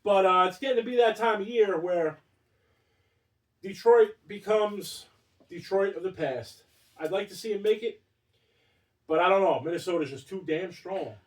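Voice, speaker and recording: A man's voice: high voice, moderate pace, long pauses, roomy sound, far from the mic. A man co-hosting a casual sports talk show, chiming in and agreeing with his partner.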